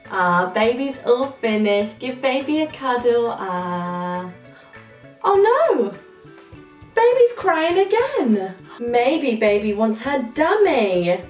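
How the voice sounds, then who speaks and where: Slow sing-song British woman teaching toddlers. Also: a little high, very animated. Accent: British English. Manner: slow, exaggerated, sing-song with frequent singing. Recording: roomy, slightly distant mic with faint music.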